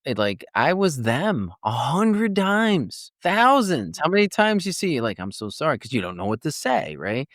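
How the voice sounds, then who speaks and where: A man's voice: on the high side, measured pace, few pauses, no room sound, studio quality. A man in his fifties, a coach and former nurse, telling a personal story in a podcast interview in a loose, chatty way with frequent restarts. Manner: animated storyteller, loose and chatty, restarts often and acts out other people's words.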